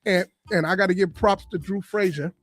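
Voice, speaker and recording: A man from Boston, a comedian and radio guest, telling lively stories in a casual interview. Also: high voice, a little fast, no room sound. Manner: animated storyteller, lively and full of punchlines.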